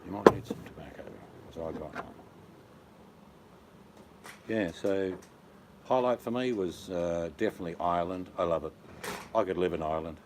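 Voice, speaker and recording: A man's voice: deep voice, normal speed, long pauses, a little hiss or hum. A man chatting casually as a host, telling rambling stories with jokes. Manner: rambling, joking storyteller. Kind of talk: casual chat.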